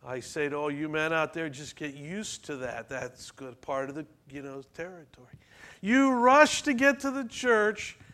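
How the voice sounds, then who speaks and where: A man's voice: on the high side, expressive, normal speed, sharp tone. A man preaching a sermon in a church, talking conversationally and asking the congregation questions. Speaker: pastor.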